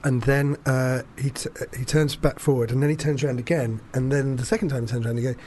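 A man hosting a casual chat, rambling and animated, swearing freely as he talks. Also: mid-range voice, fast, a little hiss or hum. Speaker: podcast host.

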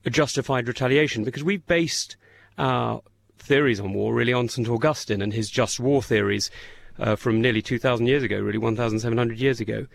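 Gravelly man politician, rhetorical. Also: mid-range voice, fairly quick, dry recording. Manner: rhetorical, posing a string of questions. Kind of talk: recorded interview clip.

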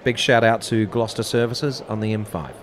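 A man's voice: lowish voice, fairly quick, slight background noise. A man with a playful, teasing manner, hosting a casual word game. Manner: playful, teasing, quizzing the others. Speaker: podcast host running a word game. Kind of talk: casual chat.

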